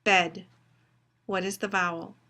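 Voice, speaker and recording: Woman instructor, recorded lecture: slow, deliberate delivery with a bright, crisp tone, dictating words one at a time. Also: medium pitch. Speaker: phonetics instructor.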